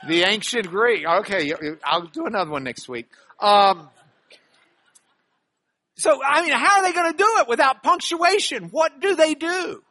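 A middle-aged man teaching a Bible class in a lively lecture style, animated and jokey, with playful asides. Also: very high-pitched, normal speed.

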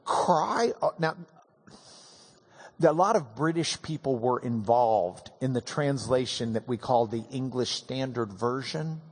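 A man's voice: mid-range voice, expressive, a little slow, husky. A man preaching a sermon, telling the story with humor and emphatic swings. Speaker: pastor.

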